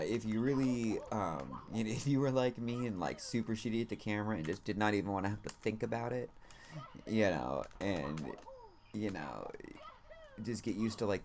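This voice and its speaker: A man's voice: lowish voice, darkish tone. A man streaming a game and telling a story in a loose, casual way, rambling and packing his talk with "like" and "you know", with some casual swearing.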